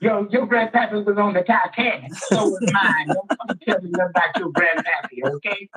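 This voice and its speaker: A man's voice: high voice, moderate pace, fairly bright tone, recorded from a distance, low-quality recording. A man voicing a brash older woman in an improvised comic bit, boasting about her roots. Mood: defiant. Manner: sassy, boastful, calls people honey and child. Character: brash older Southern woman claiming plantation-owner roots.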